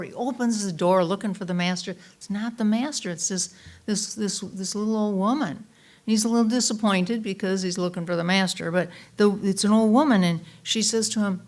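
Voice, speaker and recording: A woman minister gives a conversational Sunday talk in a church. She tells a story in a relaxed, unhurried way, with fillers and restarts. Her voice sits at an ordinary middle pitch. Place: church sanctuary.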